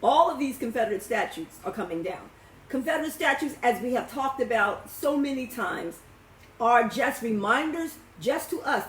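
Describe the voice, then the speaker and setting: A woman's voice: on the high side, slight background noise. A woman speaking live to her followers in an impassioned, emphatic way, often stumbling and repeating words as she talks to her own camera. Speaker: social media commentator. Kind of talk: live video talk to followers. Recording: roomy echo.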